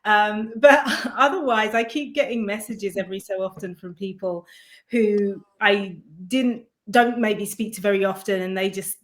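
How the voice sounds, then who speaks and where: A woman guest sharing personal anecdotes in a casual interview. She tells them lightly, with laughter in her talk, at a mid pitch. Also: fairly even intonation, a little slow. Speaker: film cast member guest.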